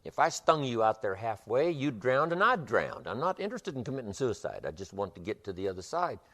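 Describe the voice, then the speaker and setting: A man voicing a male scorpion in a spoken fable, smooth and falsely polite as he persuades. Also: mid-range voice, big pitch swings, fairly quick, fairly bright tone, voice pushed up. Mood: coaxing.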